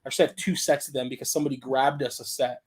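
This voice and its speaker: A man's voice: medium pitch, fairly even intonation, fast talker, slightly rough. Laid-back man rambling casually. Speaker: co-host. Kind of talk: casual livestream chat.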